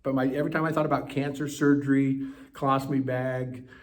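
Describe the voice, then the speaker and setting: Man, interview guest, animated storytelling, average pitch. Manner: lively, animated retelling, quick bursts. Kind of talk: personal storytelling.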